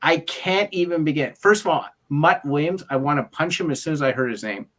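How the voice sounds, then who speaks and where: A man's voice: fairly high pitch, a little fast, fairly bright tone. Exasperated man ranting about a film. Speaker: podcast co-host. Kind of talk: casual film discussion.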